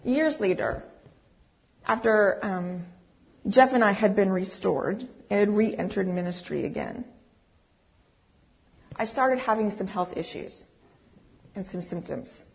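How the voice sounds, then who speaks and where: A middle-aged woman telling a personal story in a sermon-style talk, animated and acting out her own lines. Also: mid-range voice, slow pace, gravelly, long pauses. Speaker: pastor's wife speaking to a congregation. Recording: dull, muffled sound.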